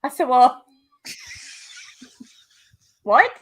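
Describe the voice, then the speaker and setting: A woman's voice: high-pitched, huge pitch swings, extremely slow. A woman co-hosting a casual chat show, retelling stories and acting out the quotes. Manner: acts out quotes in storytelling. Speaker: podcast co-host.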